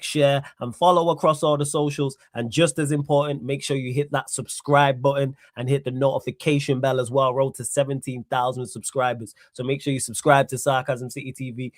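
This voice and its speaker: A man hosting a live football talk stream, energetic and full of street-slang shout-outs to his viewers. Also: mid-range voice, no room sound, clean studio sound. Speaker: host.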